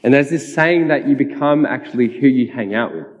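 A preacher with a medium-pitched, slightly quick voice shares a personal testimony sermon, keeping it casual and chatty and laughing often. The recording has the dull, echoing sound of a hall.

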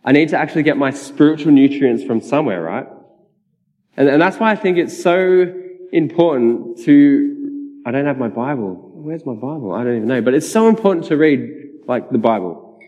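Man, casual chatty preacher, mid-pitched voice, long hall reverb. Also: expressive, normal speed, a little mellow. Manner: casual and chatty, with many fillers and frequent laughs. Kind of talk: personal testimony sermon. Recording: dull, reverberant hall sound.

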